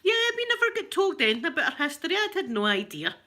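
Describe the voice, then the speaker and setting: Glaswegian woman, 40s, live-stream host; bright, chatty, jokey. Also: high-pitched, sing-song, quick pace. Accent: Glaswegian Scottish. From Scotland. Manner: chatty and joking, with bursts of laughter. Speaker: livestream host chatting with viewers. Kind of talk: casual live-stream chat.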